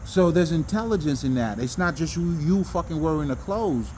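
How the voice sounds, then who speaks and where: A man delivers a loose, animated self-help monologue, full of profanity and restarts. His voice sits fairly high. Faint insect noise hums behind him. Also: normal speed. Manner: animated, profane, rambling with many restarts and laughs. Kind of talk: casual spoken monologue.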